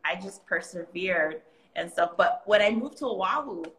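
A young Hawaiian woman with a Hawaiian accent and a lowish voice chats as a guest at a normal speed. She's an animated storyteller who laughs often and slips into pidgin voices during the casual conversation. The recording has a roomy echo.

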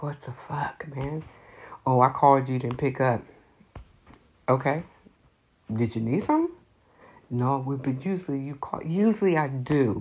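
A woman's voice: very deep voice, a little mellow. A woman giving blunt, profane advice in an unscripted monologue, speaking emphatically.

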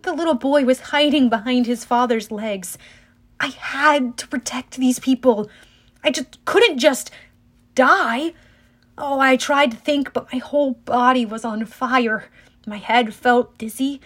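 A woman's voice: sits high, unhurried, fairly bright tone. Woman reading a story dramatically. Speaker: audiobook reader. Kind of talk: first-person novel reading.

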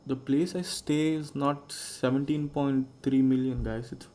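A man's voice: medium pitch, fairly even intonation, unhurried, mellow. A young man hosting a casual solo podcast, rambling and musing aloud and swearing freely. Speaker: podcast host.

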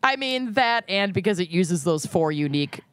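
A woman's voice: fairly low pitch, expressive, normal speed. A woman, co-hosting a casual podcast chat, joking and laughing often. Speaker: podcast co-host.

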